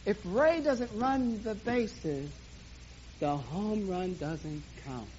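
A man preaching to a live audience, telling a sports story in animated play-by-play style. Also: sits high, very slow. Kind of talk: sermon with sports illustration. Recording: dull lo-fi recording, faint hiss.

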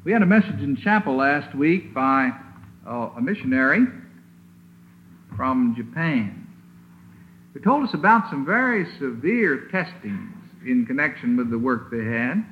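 Emphatic preacher on a tinny old recording. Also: male voice, mid-range voice, sing-song. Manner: emphatic, deliberate, stresses single words. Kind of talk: sermon. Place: chapel. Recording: tinny lo-fi old sermon recording with faint hiss.

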